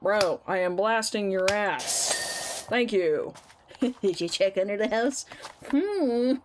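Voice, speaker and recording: A woman's voice: mid-range voice, animated, takes it slowly, background noise. A woman streaming a game, chatting casually, teasing and laughing often. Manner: giggly, playful, teasing. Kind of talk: casual gameplay commentary.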